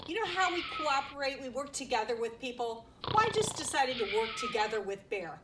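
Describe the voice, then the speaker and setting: A woman librarian reading a picture book aloud to children, animated and stopping to ask them questions. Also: high voice, a little fast, background noise. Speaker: children's librarian storytime host.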